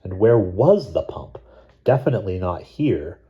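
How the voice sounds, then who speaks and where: A man reading a novel chapter aloud in a measured, steady narration. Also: low voice, muffled recording. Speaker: audiobook reader. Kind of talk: scripted narration.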